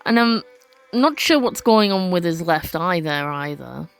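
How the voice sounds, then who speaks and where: A woman's voice: on the low side, expressive, measured pace, vocal fry, clear, resonant tone, soft background music. A woman narrating a story game in a casual, chatty way, reading aloud and often correcting herself. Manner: chatty, self-correcting, stumbles over words. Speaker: let's play narrator.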